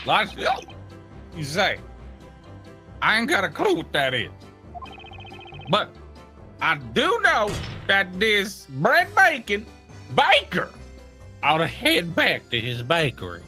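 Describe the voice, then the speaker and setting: A performer voicing a blunt, rough-talking witness in a fan dub of a game. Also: medium pitch, wildly swooping pitch, takes it slowly, long pauses, sharp tone, soft background music, full character voice. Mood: scoffing. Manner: gruff, dismissive. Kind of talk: fan voice acting over a game.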